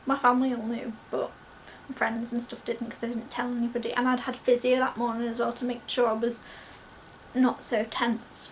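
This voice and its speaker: A young woman, telling a story in an excited, breathless rush and acting out what everyone said. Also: fairly high pitch, normal speed, slight background noise. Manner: breathless, gushing, acts out quoted voices. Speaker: vlogger.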